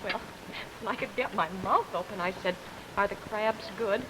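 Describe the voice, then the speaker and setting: An actress playing a flustered, starstruck young wife in a vintage radio comedy, with excitable, breathless chatter. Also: female voice, mid-range voice, moderate pace, natural voice. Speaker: radio sitcom character. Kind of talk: 1950s radio comedy acting. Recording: hissy vintage radio recording.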